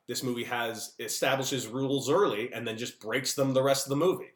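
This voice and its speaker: A man, a former ball player, telling stories casually on a podcast over a remote call and acting out the dialogue with lively energy. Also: mid-range voice, normal speed, hardly any pauses, echoey room. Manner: animated, jokey, acts out dialogue. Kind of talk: casual storytelling.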